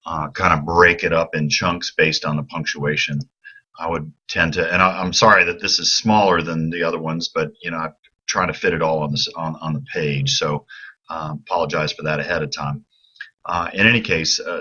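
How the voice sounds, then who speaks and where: Man, very low voice, bright edge, informal lecture, dull lo-fi sound. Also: slightly rough. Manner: relaxed, thinking aloud with fillers and restarts. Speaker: Greek professor.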